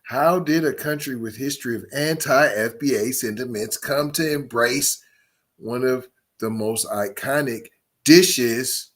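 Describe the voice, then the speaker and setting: A man's voice: mid-range voice, measured pace. A man with hosting a podcast, reading an article aloud and breaking off into emphatic commentary full of rhetorical questions. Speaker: podcast host.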